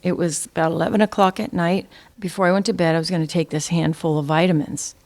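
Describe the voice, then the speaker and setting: A woman's voice: fairly low pitch, steady tone, fast, a little mellow. A woman telling a gathering an earnest, heartfelt personal testimony in a plain storytelling way. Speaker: speaker sharing a testimony with the gathering.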